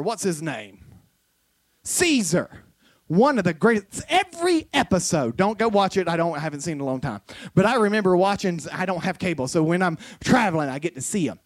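A woman's voice: on the low side, big pitch swings, brisk, no echo. Southern woman pastor, folksy sermon delivery, builds to emphatic preaching, dry mic. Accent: Southern American. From American South.

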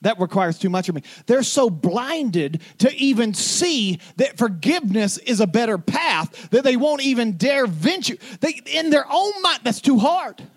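A man's voice: extremely high pitch, big pitch swings, measured pace, hardly any pauses. A man preaching a sermon as a pastor, retelling stories with building intensity.

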